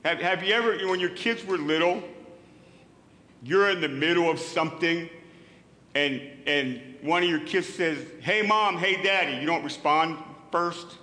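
A man's voice: on the high side, unhurried, pushed and bright. A middle-aged male pastor preaching a sermon in an earnest, emphatic way, often repeating words as he builds a point. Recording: echoey hall with long reverb.

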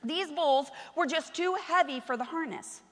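A woman preacher delivering an impassioned sermon in a church, swinging between hushed asides and shouted exhortation. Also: high voice, moderate pace, long reverb tail.

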